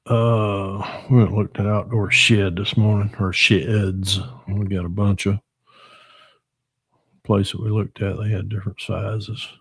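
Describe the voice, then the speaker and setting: A man's voice: fairly low pitch, level tone, measured pace, fairly bright tone, husky, dry recording. A middle-aged man from Northwestern Georgia with a Southern accent, hosting a casual livestream while he builds a model car and answers chat in a folksy drawl.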